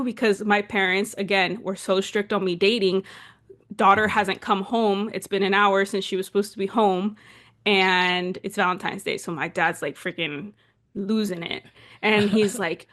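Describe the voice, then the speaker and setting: A woman in her twenties from Southern California tells a story on her podcast. She talks in a chatty, animated way and leans on "like" a lot. Her voice sits at an ordinary middle pitch. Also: normal speed. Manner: animated, chatty, heavy use of "like" fillers. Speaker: podcast co-host. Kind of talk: casual storytelling chat.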